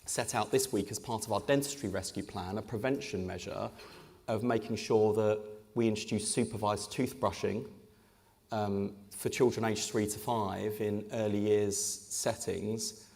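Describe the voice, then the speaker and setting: A man's voice: lowish voice, steady tone, a little slow, vocal fry, darkish tone. A man, an English politician, speaking in a live on-stage conversation with punchy, joking delivery. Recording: echoey hall with long reverb.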